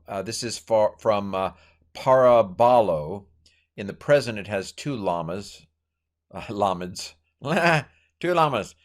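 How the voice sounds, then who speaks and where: A middle-aged man teaching Greek grammar informally, thinking aloud with many fillers and corrections and playful asides. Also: fairly low pitch. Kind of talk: informal Bible language lesson.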